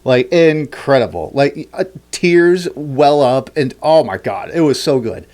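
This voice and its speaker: A man hosting a podcast, telling a story in a rambling, animated way, with many restarts and fillers. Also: medium pitch, unhurried. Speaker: podcast host. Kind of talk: casual chat.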